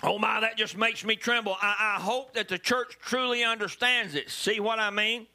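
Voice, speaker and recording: A man preaching a sermon as pastor, animated and bursting into loud emphasis. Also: sits high, normal speed.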